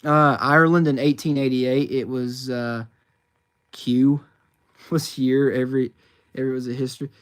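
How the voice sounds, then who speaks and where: A man's voice: medium pitch, little pitch movement, normal speed, pauses often, smooth. A man from the United States streaming from his phone, reading chat questions aloud and answering in a chatty, rambling way with lots of fillers. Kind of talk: casual livestream chat.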